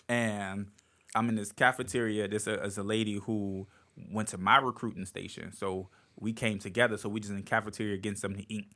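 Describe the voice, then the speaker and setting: A comedian from Virginia telling an animated story as a podcast guest, acting out quotes as he goes. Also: fairly low pitch, fairly quick. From Virginia, USA. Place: podcast studio.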